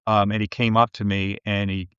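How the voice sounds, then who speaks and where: A man's voice: on the low side, a little fast, clear, resonant tone, no room sound, highs cut off. A man, a business coach, telling stories in a podcast interview and acting out the people he quotes. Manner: lively storyteller who acts out quoted people.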